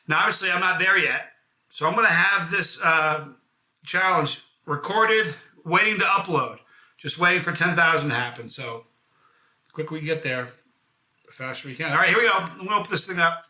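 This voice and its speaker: Bright-voiced chatty American man reviewing sauce. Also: a little high, reverberant. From United States. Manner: chatty, enthusiastic, self-deprecating jokes. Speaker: hot sauce reviewer and channel host. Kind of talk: casual live product review.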